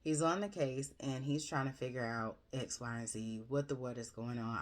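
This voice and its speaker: Very deep-voiced woman, chatty book reviewer. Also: moderate pace, hardly any pauses. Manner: rambling, chatty, with frequent fillers and self-corrections; animated, gushing and expressive. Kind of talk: casual book review chat.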